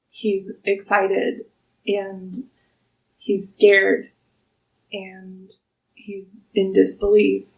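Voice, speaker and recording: A woman narrating a tabletop role-playing game as game master, calm and descriptive, recorded a little away from the mic. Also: medium pitch, creaky, distant mic, poor audio.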